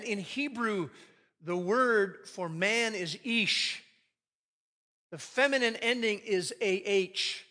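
A man's voice: sits high, expressive, slow pace, bright, forceful tone. A man teaching a marriage class to a live audience in a sermon style, joking and reading scripture aloud. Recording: long reverb of a large hall.

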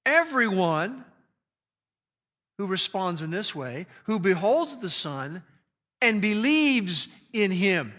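High, bright-voiced preaching man. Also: sing-song, big-room sound. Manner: emphatic preaching with slow, drawn-out key phrases. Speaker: pastor. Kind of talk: sermon.

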